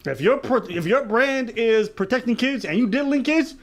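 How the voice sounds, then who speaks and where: A man's voice: extremely high pitch, lively intonation, moderate pace. A man co-hosting a casual reaction chat, arguing his point and explaining it with examples. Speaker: co-host.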